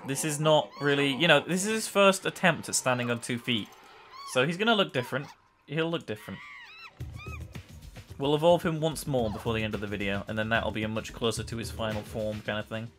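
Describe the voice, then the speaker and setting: A young man casually commenting on his own gameplay, chatty and excitable, often breaking into yells and laughter. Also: medium pitch, fast talker, soft background music. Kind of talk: casual let's-play commentary.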